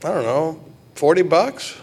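A man's voice: on the high side, expressive, a little slow, a little mellow. A man voicing an offhand old male farmer in a told joke. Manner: dry, offhand. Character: deadpan old male farmer selling a dog.

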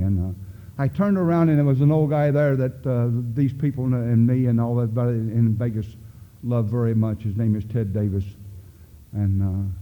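A man's voice: medium pitch, normal speed, dark tone. An older man speaking at a recovery meeting, telling his story in a folksy, plain-spoken way. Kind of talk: personal testimony talk. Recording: tinny phone-like sound in an echoey hall.

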